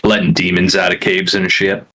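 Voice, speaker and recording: A man's voice: low voice, flat delivery, normal speed, pushed and bright. A man in a tabletop game, wry and matter-of-fact. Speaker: tabletop player.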